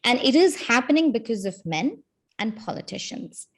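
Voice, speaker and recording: A woman hosting a podcast interview, supportive and encouraging, responding warmly to her guest's story. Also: fairly high pitch, big pitch swings, moderate pace, breathy edge. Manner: supportive, with soft backchannel sounds. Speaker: podcast host. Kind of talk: interview conversation.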